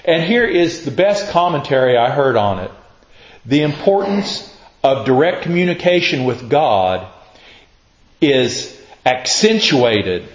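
A man preaching a sermon, telling a story in an animated way and acting out the quoted lines. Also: medium pitch. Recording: echoey room, dull lo-fi sound.

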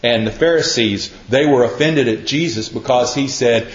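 A man's voice: medium pitch, normal speed, few pauses. A man preaching in a folksy, conversational way, explaining scripture and acting out quotes. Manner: folksy, repeats himself, acts out quotes. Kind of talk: conversational Bible teaching. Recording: roomy, slightly dull sound.

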